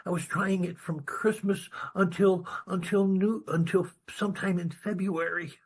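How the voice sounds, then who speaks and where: Husky-voiced man telling his recovery story. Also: sits high, a little slow. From New York, USA. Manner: animated storyteller, acts out dialogue, blunt and salty. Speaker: recovery meeting speaker. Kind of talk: personal recovery story talk.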